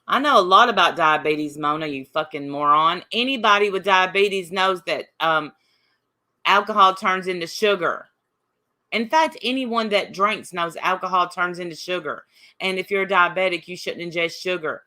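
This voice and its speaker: Her voice is lowish, bright, and forceful, delivered at a normal speed. She's an Appalachian livestream host in a casual stream, combatively reading and responding to chat comments.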